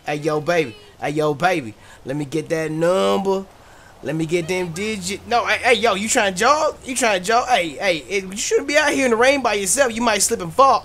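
A man streaming a driving game live, joking loudly and crudely and yelling at the characters on screen. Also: high voice, moderate pace, vocal fry. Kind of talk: live gameplay commentary.

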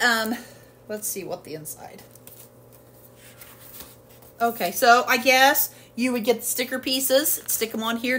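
A woman's voice: a little high, pushed and bright. A woman chatting casually through a home haul video, rambling with lots of fillers, in her kitchen at home. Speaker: haul vlogger. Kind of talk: casual product haul chat.

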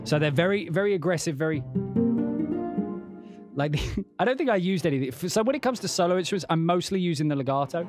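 Male composer on a stream, slightly higher voice, loose and chatty, scats the rhythms out loud. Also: expressive, fast talker, pauses often, over loud music. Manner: rambling, hums and scats rhythms aloud. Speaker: composer demonstrating a sample library. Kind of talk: casual livestream walkthrough. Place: home studio at a keyboard.

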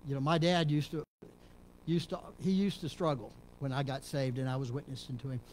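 A middle-aged man from Texas, a pastor preaching a sermon in a church, dropping to low murmurs and rising to loud emphatic peaks. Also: fairly even intonation, brisk, slight background noise. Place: church sanctuary.

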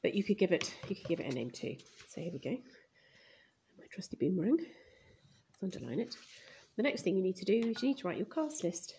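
A woman with a mellow, medium-pitched voice teaches a primary class writing lesson, animated and a little fast with frequent pauses. She narrates as she writes, murmuring the words, filmed on a phone camera aimed at the page, with slight hiss or hum.

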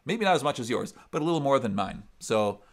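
A man's voice: mid-range voice, big pitch swings, quick pace. Resonant upper Midwest man teaching singing. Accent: upper Midwest American. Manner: explains step by step, breaks into sung demonstrations. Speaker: singer and vocal coach. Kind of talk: vocal lesson, explaining and demonstrating.

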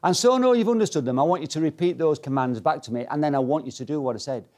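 A man playing a brisk Yorkshire flying instructor, a bossy male teacher who gives orders in short, clipped bursts. His voice sits fairly high and swings up and down a lot as he commands. He talks with a broad Yorkshire accent. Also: expressive, darkish tone, close to an everyday voice. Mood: commanding.

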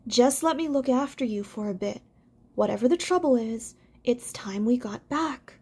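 A woman's voice: on the high side, animated, normal speed, dark tone, breathy edge. A woman reading aloud, voicing a young male rabbit who speaks firmly and reassuringly. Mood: urgent. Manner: firm, reassuring. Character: steady young male rabbit, protective leader.

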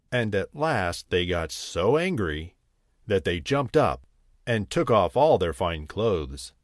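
A man reading a children's bedtime story aloud in a gentle, measured way. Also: fairly low pitch, no echo, studio quality.

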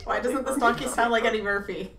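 A woman's voice: on the high side, fast talker, fairly bright tone, roomy sound. A woman chiming in with wry, joking remarks during a live game stream. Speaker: co-host chiming in. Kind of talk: casual stream banter.

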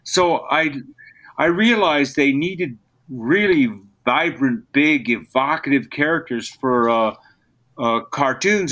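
Animated older male voice actor. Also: mid-range voice. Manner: animated storyteller, slips into character voices. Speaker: voice actor guest. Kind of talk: interview conversation.

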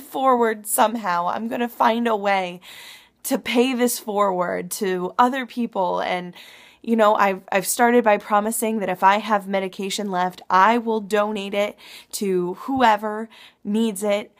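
A young woman talking at home in a personal video diary, emotional and halting, with many pauses and restarts. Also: medium pitch, steady tone. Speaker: vlogger.

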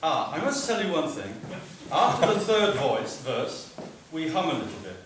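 Man, from Wales, rambling jokey stage patter, distant mic, booming hall echo. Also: big pitch swings, moderate pace, background noise. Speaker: folk singer introducing a song. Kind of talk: joking onstage introduction. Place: live concert venue. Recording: echoey hall, far from the mic, live music.

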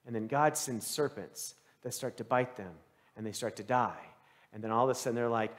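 A man's voice: medium pitch, animated, moderate pace. A male pastor preaching a sermon in a conversational way, quizzing his congregation and acting out the voices in the story. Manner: acts out quoted voices. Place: church sanctuary. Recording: long church reverb.

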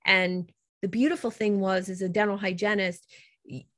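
A middle-aged woman, a coach, talking as an interview guest in a lively, rambling way and laughing easily. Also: mid-range voice, moderate pace, no room sound, studio quality. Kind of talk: casual interview.

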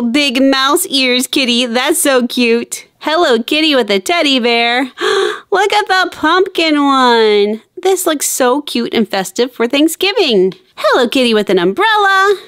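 Bubbly high-voiced woman host. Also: no echo, clean studio sound. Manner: bubbly, excited, sing-song. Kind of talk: playful kids' toy narration.

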